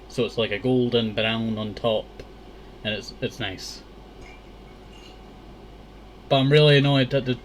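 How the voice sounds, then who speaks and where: A man's voice: medium pitch, slight background noise. A Scottish man giving casual, rambling let's-play commentary full of "you know" fillers.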